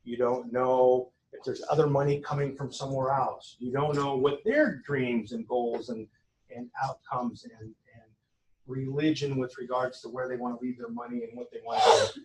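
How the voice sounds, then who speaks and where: Addressing a conference audience, a man gives a chatty seminar for agents, mixing in anecdotes and frequently starting over. His medium-pitched voice is a little mellow at normal speed, with slight background noise and poor audio.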